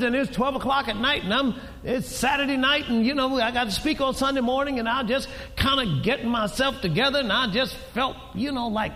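A pastor preaching a sermon in a church, swinging between quiet storytelling and shouted emphasis. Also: male voice, very high-pitched, fairly quick, a little hiss or hum. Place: large church hall. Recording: reverberant church hall.

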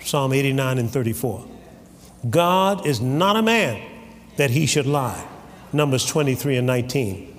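A man preaching a sermon in a church, animated and calling on the congregation for amens. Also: mid-range voice, measured pace. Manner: animated, calls for amen from the congregation. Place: church sanctuary. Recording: hall reverb with faint ambience.

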